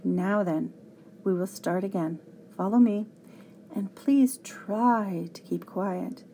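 A woman's voice: mid-range voice, slow, creaky, warm tone, a little hiss or hum. A woman voicing a fussy, flustered male professor who hiccups and urges children on with exclamations. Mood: hushed.

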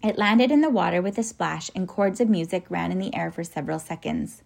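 A woman narrating a children's storybook in a soft, even, descriptive manner. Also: fairly low pitch, a little fast, gravelly. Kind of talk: audiobook storytelling.

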